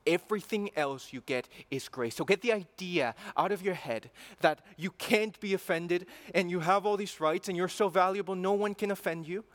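Earnest male preacher, slightly high voice. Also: normal speed, hardly any pauses, fairly bright tone. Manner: earnest, rising to emphatic passion, with repeated phrases. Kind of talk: sermon.

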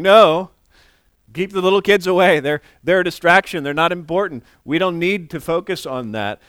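A man's voice: on the high side, fairly bright tone, no echo, clean studio sound. A man in his forties preaching a sermon in a conversational way, often restarting words and acting out quoted voices. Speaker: pastor.

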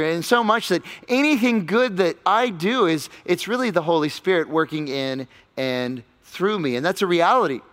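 A man preaching a sermon as pastor, emphatic, swinging between loud stressed lines and quiet low ones. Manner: emphatic preaching with sudden swings in pitch and loudness. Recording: long hall reverb.

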